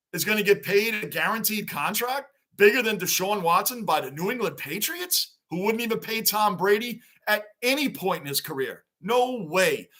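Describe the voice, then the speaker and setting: A man's voice: sits high, bright, forceful tone. A man hosting a sports livestream, chatting casually and animatedly with viewers by name. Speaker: livestream host.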